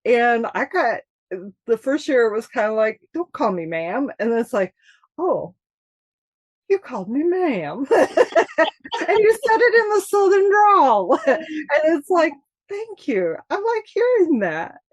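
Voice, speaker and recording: A woman from Michigan chatting as an author guest in an interview, animated and laughing often as she tells stories. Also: high-pitched, unhurried, dry recording. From Michigan, USA. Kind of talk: casual interview chat.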